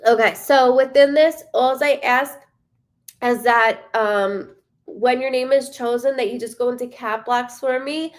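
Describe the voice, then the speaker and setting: A woman's voice: fairly high pitch, steady tone, measured pace. A woman hosting a live stream as a psychic medium, chatting casually, greeting viewers by name and swearing freely.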